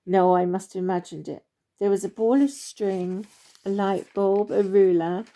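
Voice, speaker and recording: A woman narrating a children's story in a warm, expressive storytelling manner. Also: mid-range voice, normal speed.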